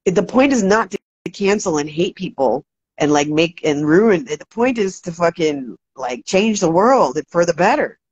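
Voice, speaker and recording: A woman hosting a casual livestream, talking fast and loose, swearing freely and ranting, shouting out viewers. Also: lowish voice, slightly rough, no echo. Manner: profane, animated, ranting. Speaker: livestream host. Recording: dry, dull lo-fi sound.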